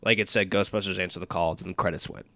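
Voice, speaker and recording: A man's voice: sits low, fairly even intonation, fast talker, sharp tone, dry recording. A man hosting a casual podcast chat, rambling with frequent restarts and the odd swear word.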